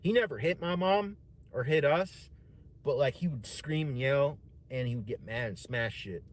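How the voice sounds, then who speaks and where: A man's voice: mid-range voice, animated, moderate pace. Rambling, cursing man telling a story. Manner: rambling, profane, full of "man" and "dude". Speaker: streamer. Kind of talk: casual personal storytelling.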